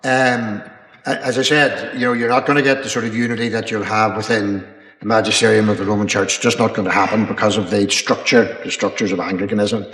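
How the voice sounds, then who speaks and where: An older man, an archbishop, answering questions at a public dialogue in a measured, rambling way, pausing with ums and restarts. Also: on the low side, steady tone, fairly bright tone. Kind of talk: unscripted panel answer. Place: college chapel. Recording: echoey chapel with long reverb.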